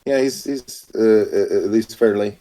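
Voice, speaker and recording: A man's voice: fairly low pitch, measured pace, a crowd in the background. A man playing a tabletop game, chatting casually in a hesitant, wry way. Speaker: player.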